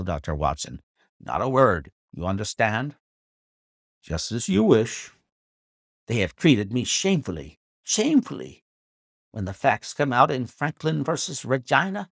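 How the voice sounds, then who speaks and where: A man voicing a pompous, irascible old squire who talks in an indignant, excitable, declamatory way in a storybook reading. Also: mid-range voice, vocal fry, no echo, clean studio sound, pitched above the performer's own voice, exaggerated voice.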